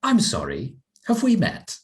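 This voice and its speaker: Guy doing a sulky posh lady in a tabletop game, high prim voice, all offended. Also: huge pitch swings, unhurried. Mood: cold. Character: haughty noblewoman, sulky when crossed.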